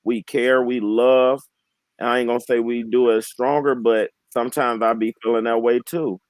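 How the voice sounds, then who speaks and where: A man in his twenties speaking as a guest on a candid panel. He talks in an earnest, heartfelt way, often halting and restarting his sentences. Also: medium pitch, little pitch movement, no echo, low-quality recording. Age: 20s. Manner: heartfelt, emotionally open.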